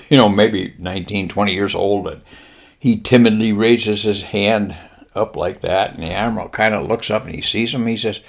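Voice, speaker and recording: A man's voice: fairly low pitch, moderate pace, vocal fry. A man hosting a show, telling a rambling comic anecdote with fillers and asides. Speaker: show host. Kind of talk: comic storytelling.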